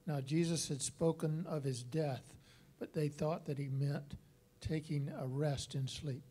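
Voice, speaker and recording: A man with a slightly high voice reads a scripture passage aloud for the congregation. He reads quietly and steadily, without rushing. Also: fairly even intonation, husky.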